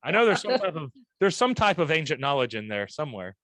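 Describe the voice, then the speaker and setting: A man co-hosting a casual podcast chat, animated and blunt, swearing and laughing often. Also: on the high side, quick pace, no room sound. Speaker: podcast co-host.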